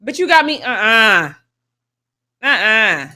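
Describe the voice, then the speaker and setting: A young adult woman co-hosting a sports show in casual chat, expressive and emphatic, laughing often. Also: fairly high pitch, slow.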